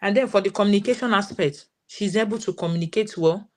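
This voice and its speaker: A woman's voice: mid-range voice, quick pace, a little mellow. A woman in her thirties with a Nigerian English accent, telling a story as a parent guest in a live session and quoting her daughter's words.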